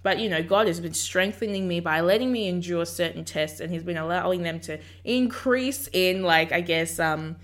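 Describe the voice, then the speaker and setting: A woman's voice: on the low side, normal speed, few pauses. A woman hosting a podcast, talking casually and reflectively about faith and acting out her own inner dialogue. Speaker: podcast host. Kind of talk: casual faith encouragement talk.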